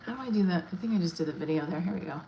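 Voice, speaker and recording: A woman's voice: lowish voice, rapid-fire, gravelly, dark tone, slight background noise. A woman hosting a casual livestream, cracking profane, rambling stand-up jokes. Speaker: livestream host. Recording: roomy echo.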